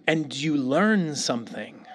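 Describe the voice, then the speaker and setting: A middle-aged pastor preaching a sermon, telling stories with animated bursts and falling to a near whisper when he prays. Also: on the high side, slow. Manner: animated storytelling, dropping to a near whisper in prayer.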